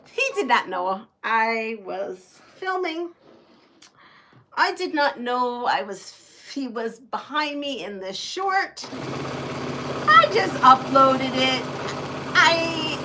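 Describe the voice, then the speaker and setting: Speaking in a high pitch over some background noise, this middle-aged quilting channel host chats casually with her viewers while sewing. She laughs a lot, and the sound comes from a home live-stream setup.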